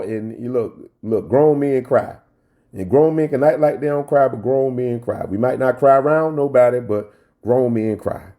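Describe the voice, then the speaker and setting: A pastor preaching a sermon, telling a personal story with many repeated phrases and climbing into fervent preaching. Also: male voice, medium pitch, dark tone. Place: church.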